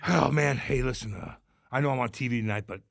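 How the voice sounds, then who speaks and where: Brief: male sports podcast co-host, animated and swearing, dry close mic. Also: mid-range voice, fast talker, vocal fry, no room sound. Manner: profane, animated storyteller. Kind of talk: casual sports chat.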